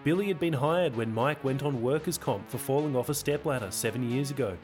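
Aussie guy reading his own audio novel, dry measured delivery, mid pitch, soft music under. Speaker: author and narrator. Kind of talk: audiobook narration.

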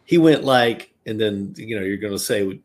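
A man's voice: fairly low pitch, animated, normal speed. A man with a Southern American accent hosting a podcast, talking casually with many fillers and digressions. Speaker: podcast host. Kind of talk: casual chat.

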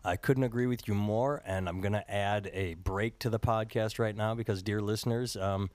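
A man's voice: fairly low pitch, steady tone, normal speed, a little mellow, dry recording. A man in his thirties hosting a podcast, rambling casually with profanity and self-mocking jokes. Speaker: podcast host. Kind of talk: casual political chat. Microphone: handheld recorder.

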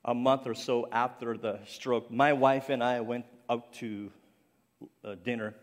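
A man's voice: medium pitch, fairly even intonation, unhurried. A middle-aged man from Cape Breton Island preaching an earnest, personal sermon, his speech faintly French-sounding after a stroke, with some restarts. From Cape Breton Island, Canada. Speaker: ministry speaker. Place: church sanctuary. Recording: long reverb of a large church.

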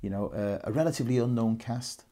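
Chatty Welsh man with a dark voice. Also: mid-range voice, fast. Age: 30s. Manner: chatty, rambling, laughs often. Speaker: podcast co-host. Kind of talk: casual film chat.

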